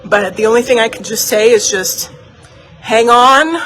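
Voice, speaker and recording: A woman's voice: a little high, a little slow, poor audio. A woman vlogger in her doll shop, chatting heartfelt and rambling, often repeating herself. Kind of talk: casual chat to camera. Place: indoor doll shop room. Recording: steady motor hum behind voice.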